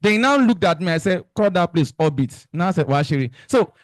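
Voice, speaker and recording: Young Nigerian man, high voice, chemistry teacher, playful, drills students with questions. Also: a little fast, no room sound. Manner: animated, joking, quizzing students with fill-in questions. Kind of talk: exam revision lesson.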